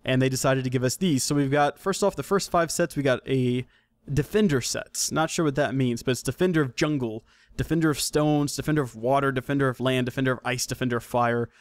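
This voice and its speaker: A man talks through his podcast in a loose, rambling way, often correcting himself and cracking jokes. His voice sits at an ordinary middle pitch. The sound is close and dry, with no room around it. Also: fairly quick, no echo. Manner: rambling, self-correcting, joking. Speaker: podcast host. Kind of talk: casual solo podcast commentary.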